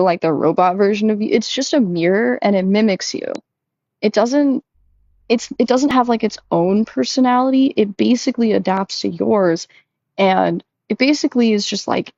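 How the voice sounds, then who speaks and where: A young woman talking casually and candidly to her audience, full of fillers, who jumps up in pitch when she acts out quoted lines. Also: darkish tone, no echo, highs cut off. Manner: chatty, lots of "like", acts out quotes in a higher voice. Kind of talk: casual confessional chat.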